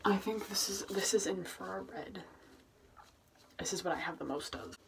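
A woman's voice: mid-range voice, a little slow, heavy background noise. A woman vlogging at home in a casual, rambling, self-mocking way, muttering asides to herself. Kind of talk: casual chat. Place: at home, indoors.

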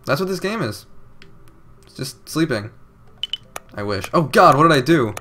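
A young man narrating a game playthrough in a relaxed, joking way. He reads out dialogue with playful, exaggerated inflections, his pitch moving widely. His voice is mid-range. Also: moderate pace, long pauses, a little hiss or hum. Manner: sarcastic, jokey, reads game text with odd inflections. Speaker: let's play commentator. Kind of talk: casual game commentary reading dialogue aloud.

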